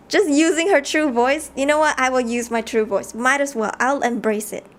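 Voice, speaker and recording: A woman live-streaming a game, reading the story text aloud and chatting with viewers in an animated way. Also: high-pitched. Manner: animated, chatty, reads narration aloud between chat replies.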